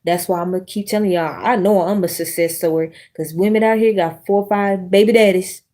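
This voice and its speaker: A woman's voice: medium pitch, fairly even intonation, brisk, mellow. A woman in her thirties ranting bluntly on a livestream, profane and preachy, talking straight to her viewers. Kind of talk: casual livestream rant.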